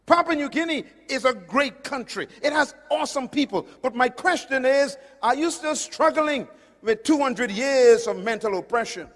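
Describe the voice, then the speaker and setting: A man preaching a sermon, emphatic, swinging from loud declarations to hushed lines. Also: very high-pitched, animated, normal speed. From Caribbean island. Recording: long hall reverb.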